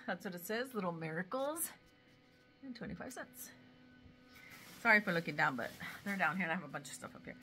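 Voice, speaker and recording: A middle-aged woman talks casually to her viewers, gushing over bargains in a bright, sharp-edged voice. Her pitch sits in an ordinary middle range. She rambles and defends herself in a quick, chatty way. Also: animated, faint music behind. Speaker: vlogger showing thrift finds. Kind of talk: casual vlog chat.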